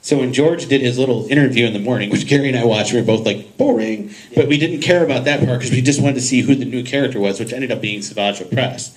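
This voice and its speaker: Man telling an animated panel story. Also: mid-range voice, quick pace, hardly any pauses, low-quality recording. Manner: animated, acts out voices in his anecdotes, laughs often. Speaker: podcast host on a convention panel. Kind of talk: casual storytelling to a panel audience.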